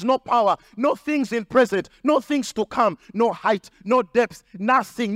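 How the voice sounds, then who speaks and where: High-pitched guy preaching hard, repeats lines for punch, close dry mic. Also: no room sound. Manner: emphatic preaching with repetition and acted quotes. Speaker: pastor. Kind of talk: sermon.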